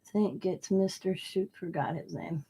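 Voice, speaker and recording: A woman's voice: fairly low pitch, normal speed, warm tone, breathy edge. An older woman from Wisconsin, a craft channel host, rambling through family stories while crafting and laughing at her own tales. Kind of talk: casual chat while crafting live.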